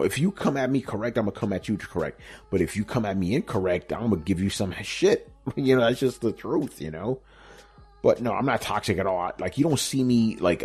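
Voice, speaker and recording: A man's voice: low-pitched, a little mellow, breathy edge. A middle-aged man answering viewer questions in a laid-back, profane chat full of "you know" and "bro". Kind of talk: casual Q&A chat.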